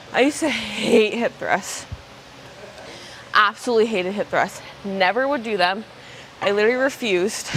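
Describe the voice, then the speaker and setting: A woman's voice: medium pitch, moderate pace, long pauses, a bit bright, slight background noise. A young woman casually vlogging her workout at the gym, chatty and loose, dropping "like" and "bro". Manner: chatty, filler-heavy, says "like" and "bro". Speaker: fitness vlogger. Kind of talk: casual vlog chat during a workout.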